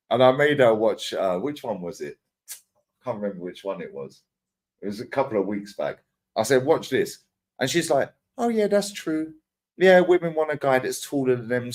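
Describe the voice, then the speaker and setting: Lively man telling stories. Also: mid-range voice. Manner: animated storytelling, acts out quotes, swears freely, lots of slang. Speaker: podcast co-host. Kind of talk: casual chat.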